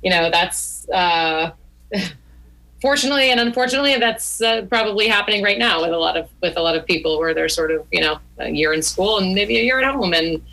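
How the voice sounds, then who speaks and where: Mujer animada de voz brillante. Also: female voice, fairly low pitch, expressive, fairly quick, vocal fry, pushed and bright, poor audio. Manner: chatty, many fillers. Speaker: podcast co-host. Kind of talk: casual chat.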